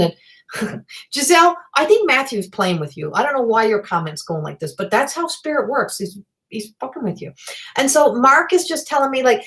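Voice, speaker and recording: Middle-aged woman, medium doing a live reading; higher voice, rambling and excitable, salty language. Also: a little fast. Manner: rambling, excitable, swears freely. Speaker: psychic medium.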